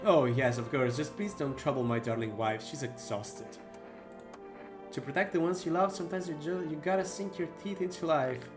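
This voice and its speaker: A man voicing a polite husband asking for shelter, low and soft. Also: moderate pace, over music, close to an everyday voice. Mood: ingratiating. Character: polite husband guest, protective of his wife.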